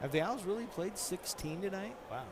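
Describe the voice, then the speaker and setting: A man's voice: high voice, fairly quick, noisy background. A man adding short color comments to a basketball broadcast in brief asides. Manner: brief asides, often from off mic.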